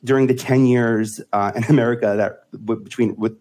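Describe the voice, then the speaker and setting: A man's voice: medium pitch, steady tone, brisk, warm tone. A man in his forties, a podcast guest talking candidly and laughing often, restarting phrases as he goes. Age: 40s. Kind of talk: casual conversation.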